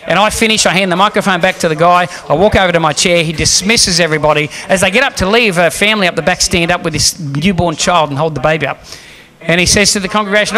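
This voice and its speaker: A man's voice: high voice, quick pace, few pauses, pushed and bright. A man preaching a sermon as a guest speaker, telling a story with animation and acting out the lines he quotes.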